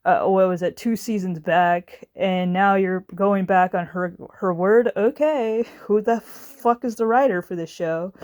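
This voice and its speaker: A woman's voice: mid-range voice, measured pace, hardly any pauses, a little mellow, dry recording. A woman delivering a casual, exasperated rant as a video reviewer, sarcastic and swearing now and then. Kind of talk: casual ranting commentary.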